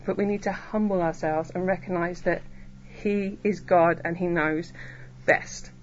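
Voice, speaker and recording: A woman's voice: lowish voice, steady tone, highs cut off. Earnest woman preaching a sermon. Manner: earnest, emphatic, slows for key phrases. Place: church hall.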